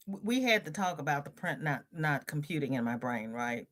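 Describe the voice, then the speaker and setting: A woman's voice: sits low, lively intonation, fairly quick, fairly bright tone. A middle-aged woman hosting a crochet livestream, chatting casually, reading viewers' comments aloud and greeting them by name with laughter.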